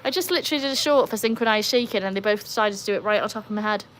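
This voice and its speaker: An Englishwoman with an English accent hosts a relaxed live stream from beside a backyard pool, chatting with viewers as they join. Her voice sits at an ordinary mid pitch and leaps up brightly whenever she greets someone. A faint hum of outdoor ambience sits behind her. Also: rapid-fire. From England. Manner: chatty, jumps to high excited greetings. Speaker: livestream host reading chat. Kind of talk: casual live chat.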